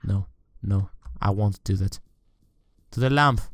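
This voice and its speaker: A man's voice: lowish voice, takes it slowly, no room sound, clean studio sound. A man playing a horror game on camera, talking to the game and his viewers, often shrieking and swearing when scared. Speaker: let's play gamer.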